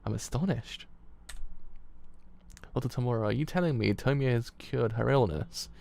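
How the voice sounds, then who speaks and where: A man's voice: mid-range voice, normal speed, gravelly, a little mellow, close to an everyday voice. A man with a British accent voicing an earnest male hospital doctor in a formal way. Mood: astonished.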